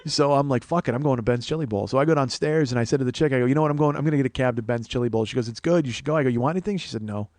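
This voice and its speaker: A man's voice: mid-range voice, rapid-fire, few pauses, a little mellow, no echo. A man in his forties, a comedian and podcast host, telling a profane story in a casual monologue and acting out the quoted dialogue. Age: 40s.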